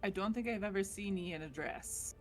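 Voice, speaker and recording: A player at a tabletop game, chiming in with short, dry remarks at a middle pitch, with faint music behind. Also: brisk.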